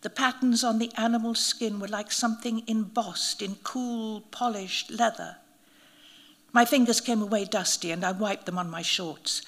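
A woman reading a first-person story aloud, in measured, vivid audiobook narration. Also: on the high side, steady tone.

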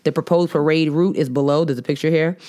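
A woman co-hosting a podcast, chatting casually in animated, slangy banter with frequent laughs. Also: sits low, quick pace. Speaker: podcast co-host. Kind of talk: casual chat.

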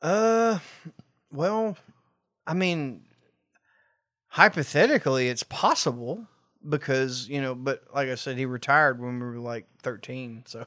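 A man's voice: medium pitch, a little slow, long pauses, bright, forceful tone, no room sound, clean studio sound. A man co-hosting a casual podcast, talking in a wry, crude, rambling way. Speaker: podcast co-host. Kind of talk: casual chat.

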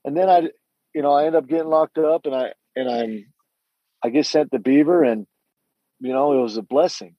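A man's voice: on the high side, normal speed, no room sound, highs cut off. A middle-aged man giving a candid personal testimony, telling his story earnestly with frequent restarts and quoted dialogue.

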